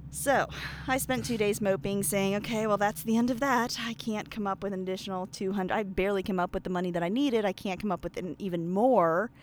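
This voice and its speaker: A woman's voice: mid-range voice, brisk, slight background noise. A woman from Pennsylvania telling a long story in casual conversation, chatty and self-deprecating, with plenty of fillers. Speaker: guest.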